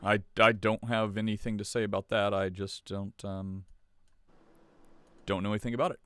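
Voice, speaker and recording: A man's voice: lowish voice, level tone, normal speed, fairly bright tone, clear, resonant tone. A man hosting a podcast in casual chat, sarcastic and laughing often as he reads stories aloud. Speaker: podcast host.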